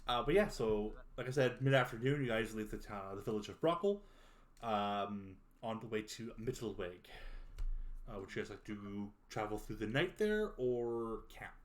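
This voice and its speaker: Low-voiced man running a tabletop game. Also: lively intonation. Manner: unhurried, many filler pauses. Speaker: game master.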